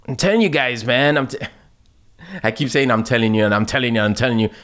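Brief: relaxed male company owner, casual chatty delivery, mid-pitched, frequent laughs. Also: fast talker. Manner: laid-back, says "man" and "dude" often, laughs a lot. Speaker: company owner answering viewer questions. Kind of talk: casual chat.

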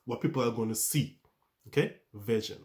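A man's voice: medium pitch, moderate pace, darkish tone. Man giving a repetitive motivational pep talk. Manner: repetitive, coaching, asks rhetorical questions; stumbles and restarts words. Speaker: self-improvement speaker.

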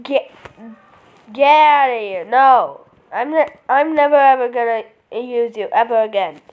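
Woman, gameplay commentary, excitable, dramatic protests, unhurried pace. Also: on the high side, narrow, tinny audio. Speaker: game player.

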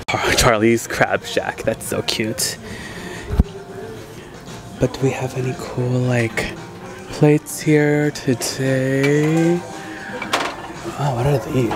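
Excitable, chatty man vlogging over music. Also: mid-range voice. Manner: excitable, chatty, heavy use of "like". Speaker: thrift shopping vlogger. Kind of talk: casual vlog chatter. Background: background music.

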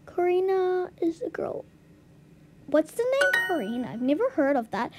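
A woman's voice: very high-pitched, sing-song, moderate pace. A woman vlogging as she works through a language lesson, puzzled and giggly, sounding out new words to herself. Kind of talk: casual commentary while doing a language lesson.

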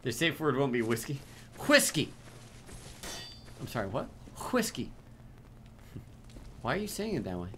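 A man's voice: mid-range voice, sing-song, a little fast, a bit bright, slight background noise. A man co-hosting a game stream, giving dry, teasing remarks and reading out chat questions. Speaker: co-host. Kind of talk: casual stream banter.

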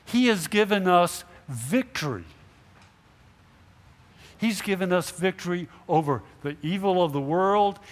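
A middle-aged man delivers a Sunday sermon from the front of a church sanctuary. His voice sits slightly high for a man and trails off into a long echo under the high ceiling. He keeps asking his listeners questions and acts out little imagined dialogues as he speaks. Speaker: pastor. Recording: long hall reverb in a church.

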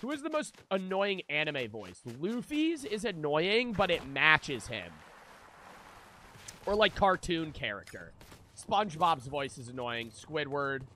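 A man's voice: on the high side, very animated, a little slow, sharp tone, slight background noise. A man live-streaming a video game, chatting casually with viewers and swearing freely as he rambles. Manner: profane, rambling, talks to chat.

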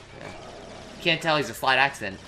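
A man's voice: mid-range voice, lively intonation, moderate pace, creaky, over music. A man co-hosting a gaming channel, chatting and joking casually while playing.

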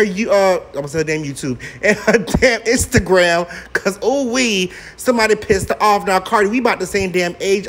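A man's voice: sits high, a bit bright. A man giving sassy, scolding commentary on celebrity gossip. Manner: sassy, scolding, drawn-out exclamations.

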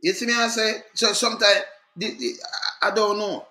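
A man's voice: high-pitched, steady tone, brisk, pushed and bright, roomy sound. A Jamaican man vlogging on the spot, talking insistently and repeatedly checking that the viewer follows him. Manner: insistent, repetitive, calls out to viewer. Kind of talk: casual on-the-spot commentary.

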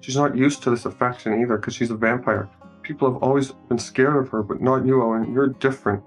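A man's voice: medium pitch, fairly even intonation, fairly quick, husky, faint music behind. Chatty man narrating a muted movie. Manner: chatty, joking commentary. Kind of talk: casual improvised movie narration.

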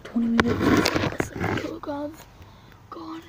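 A woman vlogging from in and around a car, jumpy and playful, swinging between hushed whispers and loud exclamations. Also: on the high side, unhurried, long pauses. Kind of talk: playful make-believe vlog. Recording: noisy handheld recording.

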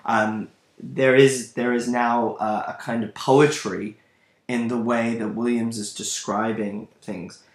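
A man's voice: mid-range voice, little pitch movement, takes it slowly. A man teaching a literature lesson, thinking aloud and speaking directly to his students as he explains a play. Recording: echoey room.

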